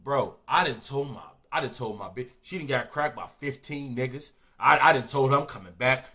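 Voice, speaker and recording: A young man reacting to a video in casual commentary, loud and animated, riffing in heavy slang and profanity. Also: medium pitch, normal speed, hardly any pauses.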